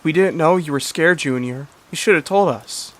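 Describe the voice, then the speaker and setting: Man doing cartoon asparagus mom, higher voice, pleading, sorrowful. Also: normal speed, lightly acted. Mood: tender. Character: grieving mother asparagus cartoon character.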